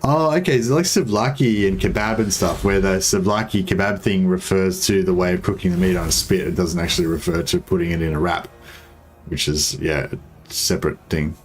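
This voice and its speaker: A man's voice: low-pitched, steady tone, a little fast, soft background music. An Australian man in casual gaming chat, rambling and swearing casually while he plays co-op. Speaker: co-op game streamer.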